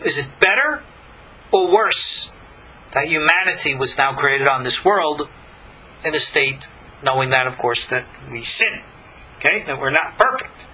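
A man giving a lively recorded Torah class, animated, with folksy asides and rhetorical questions. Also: fairly high pitch, unhurried, pauses often, slightly rough, poor audio. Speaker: Torah teacher.

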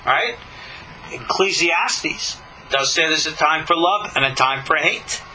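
A man teaching scripture from a Torah point of view, speaking emphatically and posing rhetorical questions with dramatic pauses. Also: on the high side, bright, forceful tone, slight background noise, low-quality recording. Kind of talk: live-streamed Torah lesson.

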